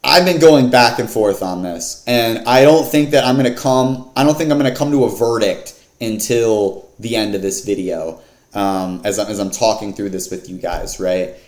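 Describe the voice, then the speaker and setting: This MMA fight picks vlogger talks at a moderate pace in a voice on the low side. He casually goes through the fight card with lots of slang and filler, recorded in an echoey room.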